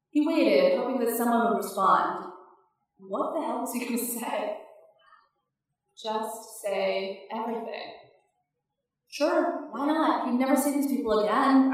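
A woman reading a novel aloud in steady, wry audiobook narration. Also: a little high, unhurried, long pauses. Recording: echoey, distant mic.

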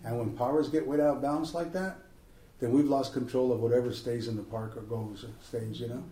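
A man, an author, giving an animated, jokey talk and Q&A to a live audience, slipping into impressions. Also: medium pitch, a little fast. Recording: roomy hall, voice from a distance.

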